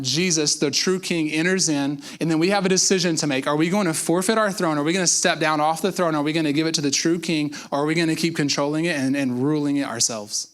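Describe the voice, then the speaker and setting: A man's voice: fairly high pitch, fairly bright tone. A man pastor giving a conversational sermon, acting out quotes and repeating words for emphasis. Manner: conversational preaching with acted-out quotes and repetitions.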